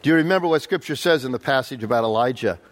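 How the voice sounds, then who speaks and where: A man preaching a conversational Bible-study sermon, quizzing the audience and voicing quotes with animated leaps. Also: racing. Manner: animated, jumps up in pitch for quotes. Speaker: pastor. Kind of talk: sermon, verse-by-verse Bible teaching.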